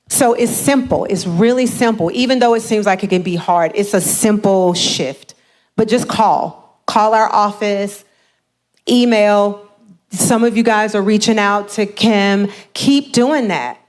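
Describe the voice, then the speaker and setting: A woman giving a lively motivational seminar talk on home buying, often acting out the voices of the people she quotes. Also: medium pitch, normal speed.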